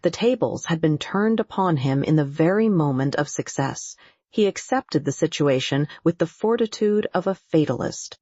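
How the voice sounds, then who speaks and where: Brief: classic-novel audiobook narrator, steady formal read, dull close dry recording. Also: medium pitch, moderate pace, dry recording. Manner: even, formal storytelling. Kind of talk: scripted narration.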